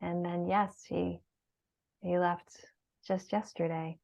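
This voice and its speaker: A middle-aged woman, a guest in an emotional interview, speaks slowly in a fairly low, creaky, darkish voice with little pitch movement. Her talk is heartfelt, sometimes tearful, and full of fillers. The recording sounds dull and lo-fi.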